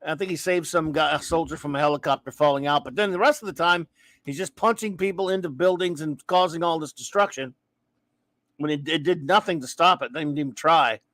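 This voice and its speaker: Male host, high-pitched, dry close sound, rambling livestream rant with chat shout-outs. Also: brisk, dry recording. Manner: ranting, restarting sentences, reading chat aloud.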